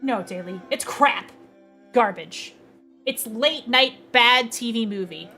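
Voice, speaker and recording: A woman's voice: on the high side, takes it slowly, bright, forceful tone, soft background music, heavily acted. A woman reading a game's dialogue aloud, voicing a disillusioned young man who speaks bluntly and scornfully.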